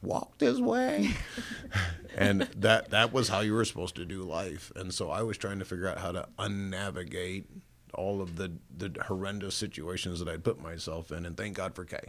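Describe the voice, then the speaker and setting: Middle-aged male pastor from Northern Illinois, very low and rough-edged, earnest storyteller on a studio mic. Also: fairly even intonation, fairly quick, a bit bright. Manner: earnest storyteller, self-mocking, frequent restarts. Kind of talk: personal testimony in an interview. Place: recording studio.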